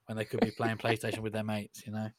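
A man's voice: lowish voice, completely flat delivery, fast talker, no echo. Chatty man, dry close sound. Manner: chatty, laughs easily, teasing. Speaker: podcast co-host. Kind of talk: casual banter.

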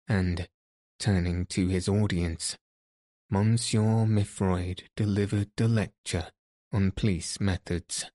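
A man narrating an audiobook in a measured, even way. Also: sits low, no echo, clean studio sound. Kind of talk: audiobook reading.

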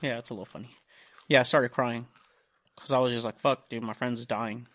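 His voice mid-range and his pace a little fast, a young podcast host tells a long, profane story casually, bringing it to life by acting out the lines of everyone else involved.

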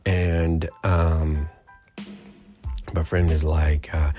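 A man's voice: sits low, fairly even intonation, takes it slowly, dark tone, faint music behind. A middle-aged man hosting a podcast, telling a personal story in a rambling, reflective way with many fillers and restarts. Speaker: podcast host.

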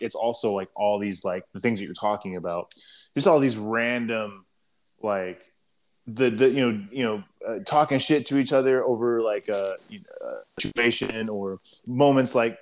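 A man with a fairly low voice talks loosely about service life. He strings thoughts together with many fillers and a bit of swearing. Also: a little mellow. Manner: rambling, many fillers, profane. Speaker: military reservist. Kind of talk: casual podcast chat.

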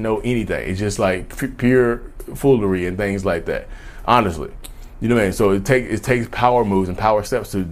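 A man talking casually to camera in a vlog, animated, addressing viewers as "y'all" and slipping into mocking voices. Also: lowish voice. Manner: loose conversational speech, says "y'all" often. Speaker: YouTube host.

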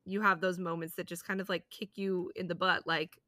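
A woman's voice: fairly low pitch, flat delivery, a little fast, sharp tone, no echo, clean studio sound. A woman co-hosting a podcast in casual chat, earnest and upbeat. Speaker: podcast co-host.

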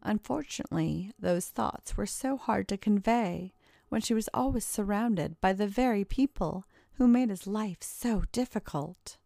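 A woman narrating an erotic story in a smooth, measured storytelling manner into a close microphone. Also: mid-range voice, warm tone, no room sound.

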